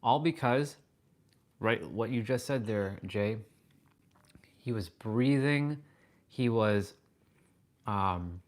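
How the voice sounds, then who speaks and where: A man's voice: lowish voice, slow, long pauses. Man chatting animatedly on a livestream. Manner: animated storytelling, reads viewer comments aloud. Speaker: livestream host. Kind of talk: casual livestream chat.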